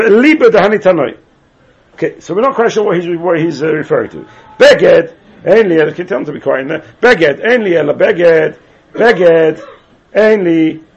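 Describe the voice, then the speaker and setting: A Talmud teacher with a slightly high, gravelly, husky voice chants phrases in a sing-song lilt and asks his students the same question again and again. His pitch swings widely, and the recording sounds dull and lo-fi.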